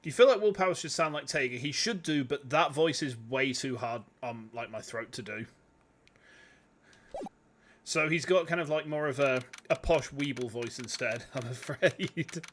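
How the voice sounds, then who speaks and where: A man's voice: mid-range voice, expressive, unhurried, long pauses, fairly bright tone, slight background noise. A man streaming a game, chatty and rambling, with a sore throat. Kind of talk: game livestream chat. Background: background music.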